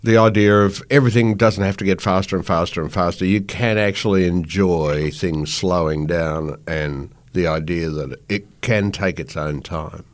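A man hosting an interview, asking relaxed questions and giving frequent short agreements. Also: deep voice, normal speed, few pauses. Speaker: interviewer host. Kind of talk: casual interview.

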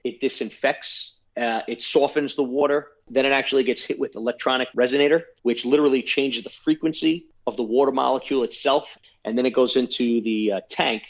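A man tells his story in casual interview answers, dropping in fillers as he goes. His voice sits at a medium pitch. The recording sounds a little dull. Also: fairly even intonation, a little fast, hardly any pauses. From New York. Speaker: company founder.

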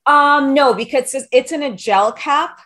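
A woman's voice: high voice, a little slow, a bit bright. A woman from New York City hosting a casual podcast, talking in a brash, rambling, jokey way full of likes. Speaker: podcast host.

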